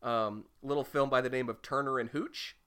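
Bright-voiced young man rambling excitedly. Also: medium pitch, normal speed, smooth. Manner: rambling, enthusiastic, swears casually. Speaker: podcast co-host. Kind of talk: casual chat.

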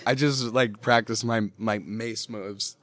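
A young man talking as a guest in a casual, joking interview, laid-back and quick to laugh, swearing often and answering with a polite "yes, ma'am". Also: lowish voice, fairly even intonation, fairly bright tone, dry recording.

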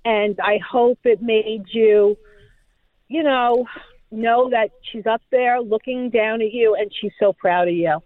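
A woman's voice: a little high, fairly even intonation, slow pace, no echo. A woman calling into a talk show, speaking earnestly and with feeling. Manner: earnest, heartfelt. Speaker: caller. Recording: tinny phone line.

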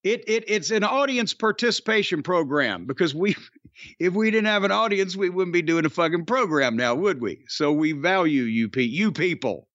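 A man's voice: high voice, expressive, moderate pace, a bit bright, no echo, muffled recording. A man, hosting a casual podcast with rambling, profane wisecracks. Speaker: podcast host. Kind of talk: casual wrestling podcast banter.

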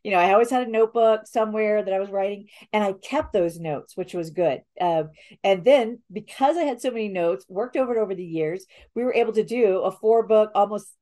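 A woman's voice: medium pitch, fairly quick, warm tone. Woman guest author, friendly, agreeable, casual chat. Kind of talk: casual conversation.

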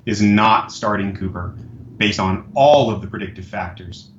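A man's voice: on the low side, moderate pace, roomy sound, lo-fi sound, slight background noise. A man giving fantasy football analysis as a guest, earnest and insistent, often stammering as he restarts phrases. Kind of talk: casual analytical talk.

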